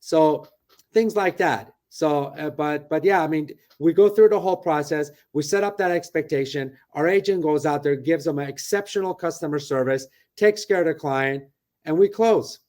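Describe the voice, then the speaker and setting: A slightly high, somewhat mellow male voice at normal speed belongs to a middle-aged real estate broker. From his office, he chats animatedly over video in a casual interview, often ending points with "right?".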